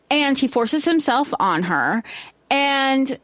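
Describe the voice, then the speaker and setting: A woman's voice: a little high, animated, measured pace, fairly bright tone, no room sound. Woman podcaster, dry close sound. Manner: thinking aloud with restarts and self-corrections. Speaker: podcast co-host. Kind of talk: casual book-discussion chat.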